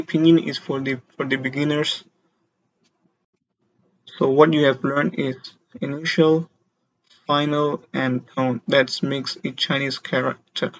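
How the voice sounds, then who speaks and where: A man teaching a beginner Mandarin lesson, explaining slowly and deliberately and having learners repeat syllables after him. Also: mid-range voice, muffled recording. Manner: slow, deliberate explanations with demonstrated tones.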